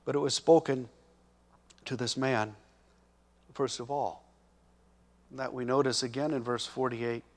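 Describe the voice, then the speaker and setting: A man preaching a sermon, slow and emphatic, growing loud and urgent when he speaks the characters' words. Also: mid-range voice, steady tone. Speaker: pastor.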